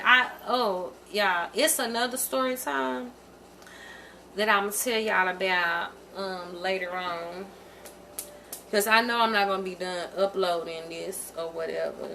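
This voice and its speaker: A woman's voice: mid-range voice, pushed and bright, a little hiss or hum. A young woman vlogger telling a personal storytime in a casual monologue, earnest and repeating herself as she talks straight to her viewers.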